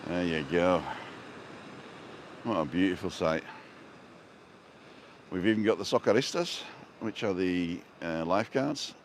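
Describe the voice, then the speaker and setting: Middle-aged man, Manchester accent, low voice, rambling chatty asides, outdoors by the sea with faint ambience. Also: measured pace, pauses often, slight background noise. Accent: Manchester English. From North West England. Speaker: vlogger. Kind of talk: casual walking vlog. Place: outdoors on a seaside walkway.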